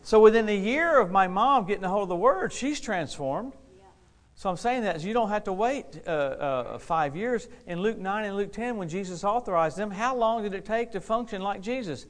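A man preaching a lively sermon to a responding congregation, exuberant, laughing often and repeating key phrases for emphasis. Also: high voice, moderate pace. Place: church service with a responding congregation.

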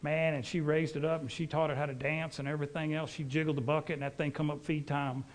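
A man's voice: a little high, flat delivery, fast. A middle-aged man, preaching a sermon as a folksy, rambling storyteller.

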